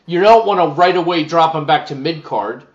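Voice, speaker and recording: A relaxed man co-hosts a casual live stream and reads viewer comments aloud. His voice sits somewhat high for a man. The audio is slightly dull and lo-fi. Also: moderate pace. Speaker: wrestling podcast co-host.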